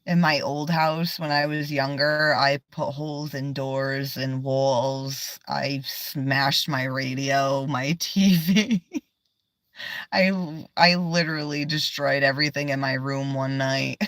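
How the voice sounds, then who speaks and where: Slow-talking woman chatting from her car. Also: rumbling low, level tone, a bit bright, no echo, clean studio sound. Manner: chatty, swears often, laughs a lot, rambling. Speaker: livestreamer. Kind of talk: casual livestream chat.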